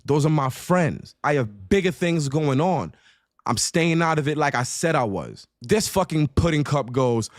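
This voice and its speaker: A man's voice: a little high, animated, moderate pace, dry recording. Guy in his 30s ranting about a friend, cussing, mocking voices, dry sound. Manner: profane, mocking, acts out other people's lines. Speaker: streamer telling a story. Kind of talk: angry storytelling rant.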